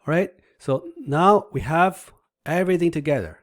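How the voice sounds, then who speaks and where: A man teaching a language lesson over slides, patiently explaining step by step and demonstrating sounds out loud. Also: fairly high pitch, normal speed, no echo, studio quality.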